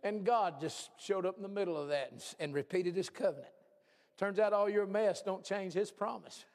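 A man pastor preaching a folksy, animated sermon, swinging from hushed asides to shouts. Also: high voice, moderate pace. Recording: long hall reverb.

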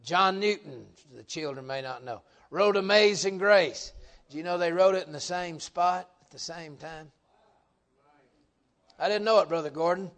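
A middle-aged man preaching a folksy revival sermon, joking with the congregation and swelling into loud emphatic bursts. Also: sits high, moderate pace.

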